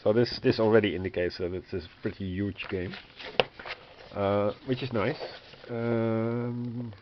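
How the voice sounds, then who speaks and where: A man who is losing his voice thinks aloud over a rulebook, slow and hesitant, with a wry, exasperated edge. His voice sits on the low side. The recording is dull and lo-fi, with a faint hiss behind. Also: fairly even intonation. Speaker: board game reviewer. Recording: dull lo-fi sound with faint noise.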